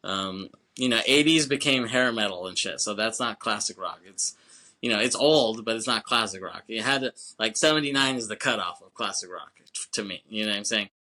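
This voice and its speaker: A man's voice: on the low side, a little fast, bright, forceful tone. A man co-hosting a film podcast, talking in a loose, rambling casual way, with filler phrases and casual swearing. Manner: rambling, frequent "you know what I'm saying". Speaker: podcast co-host.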